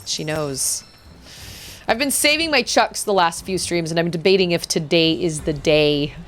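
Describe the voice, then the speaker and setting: A woman's voice: lowish voice, normal speed, fairly bright tone, a little hiss or hum. A woman gaming streamer chatting casually and reacting aloud as she plays. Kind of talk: casual live-stream chat while playing.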